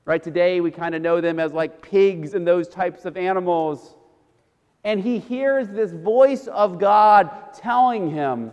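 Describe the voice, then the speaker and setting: High-voiced pastor preaching in a reverberant church. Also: male voice, a little slow, a little mellow, clean tone. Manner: casual, storytelling sermon with asides to the congregation. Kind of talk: sermon. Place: church sanctuary.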